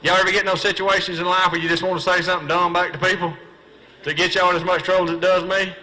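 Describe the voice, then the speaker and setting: A middle-aged man with a Southern US drawl works a live seminar crowd into a stand-up routine. His voice sits slightly high and rings bright and forceful, with a folksy, self-mocking delivery. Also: level tone, low-quality recording. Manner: folksy, self-mocking, quick punchlines, acts out dialogue. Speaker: professional bass angler giving a comedy fishing seminar. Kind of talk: stand-up storytelling to a live audience. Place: seminar hall.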